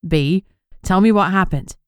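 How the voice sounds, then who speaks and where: A woman voicing a brisk woman officer who speaks in a clipped, caring way. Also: on the low side, smooth, no echo, clean studio sound, close to an everyday voice.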